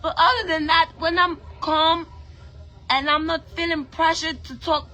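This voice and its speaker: A woman's voice: very high-pitched, level tone, unhurried, sharp tone. A woman from Brooklyn, New York, with a Trinidadian-influenced accent, ranting bluntly and profanely to camera in a vlog, full of emphatic rhetorical questions. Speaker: vlogger. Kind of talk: impassioned direct-to-camera rant.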